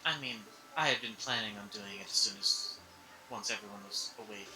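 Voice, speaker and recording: A man playing a tabletop game, tentative and quiet in his speech. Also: fairly low pitch, brisk, music in the background, low-quality recording. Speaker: player. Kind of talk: casual tabletop play.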